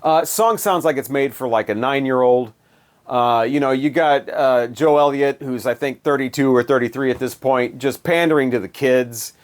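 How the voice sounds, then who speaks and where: A man's voice: mid-range voice, moderate pace. A man giving a casual spoken album review in a sarcastic, dismissive, rambling way.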